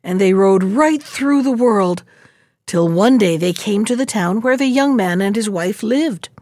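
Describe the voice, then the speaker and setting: A woman reading a fairy tale aloud, narrating in a measured, expressive way. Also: medium pitch, no echo, studio quality. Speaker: storyteller.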